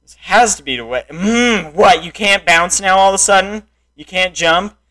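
A young man in raging gameplay commentary, frustrated, swinging between muttered complaints and loud shouts at the game. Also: sits high, normal speed. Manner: frustrated, yelling and insulting the game. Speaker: gameplay streamer.

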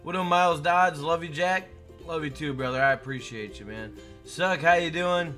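A young man live-streams a game, chatting casually and hyped, shouting out people in his chat by name. His voice is on the high side at a moderate pace, with soft background music playing.

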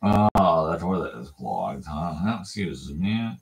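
A man's voice: low-pitched, lively intonation, takes it slowly, creaky, music in the background, rough recording. A man hosting a puppy livestream from his home, explaining puppy care in a loose, rambling way with lots of fillers and restarts. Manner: coos baby talk to the puppies. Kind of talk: casual livestream chat. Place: home puppy pen, indoors.

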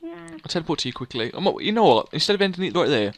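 A man's voice: high voice, fast, creaky, a little hiss or hum. A young man hosting a casual let's play, joking around and saying "literally" a lot. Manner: jokey, excitable, says "literally" a lot. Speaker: gaming channel host.

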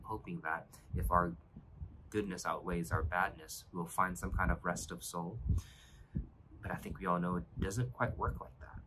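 A man's voice: sits low, noisy background. A man pastor giving an earnest, reflective devotional sermon, often restarting his phrases.

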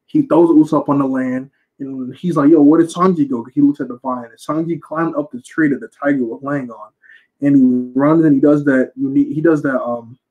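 A man's voice: mid-range voice, fairly even intonation, moderate pace, breathy edge, phone-quality sound. A young man casually recapping a film, rambling and slangy and often correcting himself. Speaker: reviewer.

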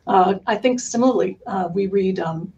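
Middle-aged woman, guest on a chat podcast, lively and earnest, quick laughs, mid-range voice. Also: medium pitch, highs cut off. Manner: animated, laughs often, earnest about books. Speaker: curriculum company founder, guest. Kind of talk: conversational interview.

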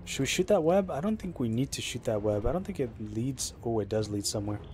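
A young man streaming live, rambling chattily about his game with excitable reactions. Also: mid-range voice, fast talker, a little hiss or hum. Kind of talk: live gameplay commentary.

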